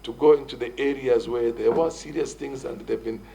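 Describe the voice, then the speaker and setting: Kenyan male legislator, gravelly, insistent questioning, faint hall noise behind. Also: mid-range voice, fairly even intonation, fairly quick, warm tone. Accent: Kenyan English. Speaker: committee member questioning a nominee. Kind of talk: formal parliamentary questioning.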